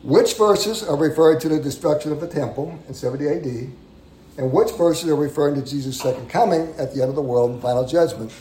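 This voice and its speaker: Guy preaching a bible lesson, kinda high voice, echoey church room, chatty and pushes hard on key lines. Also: fast talker, mellow, slight background noise. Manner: conversational, repeats words, emphatic on key phrases. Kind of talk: sermon teaching. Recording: roomy echo.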